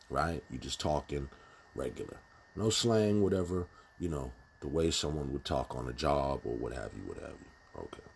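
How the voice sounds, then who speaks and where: A man's voice: very deep voice, creaky, darkish tone, slight background noise. A man giving a casual, blunt spoken commentary, emphatic and full of restarts. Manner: emphatic, many fillers and restarts, speaks bluntly.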